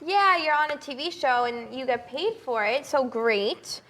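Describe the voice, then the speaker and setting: A woman's voice: sits high, animated, unhurried, a loud crowd. A young woman co-hosting a casual entertainment news chat, talking in a gossipy way with fillers. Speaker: co-host.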